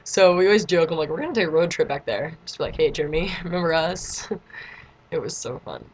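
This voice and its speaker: A teenage girl telling a story to her camera in a casual vlog. She chats and giggles along and leans on "like" constantly. Now and then she breaks into excited squeals. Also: low voice, a little fast, breathy edge. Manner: chatty and giggly, lots of "like", squeals in quotes. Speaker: vlogger.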